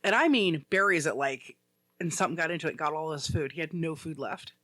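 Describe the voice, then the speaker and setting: A man's voice: a little high, fairly quick, sharp tone, no room sound. A man co-hosting a casual podcast chat, telling a rambling story full of "like". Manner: rambling storyteller, heavy use of "like". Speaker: podcast co-host.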